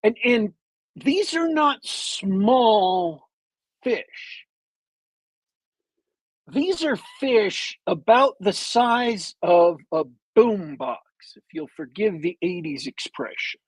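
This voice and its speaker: A man on a podcast with a bad cold, retelling a movie plot as a meandering, detailed storyteller with long pauses. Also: high voice, animated, slightly rough, no room sound, rough recording. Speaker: podcast co-host.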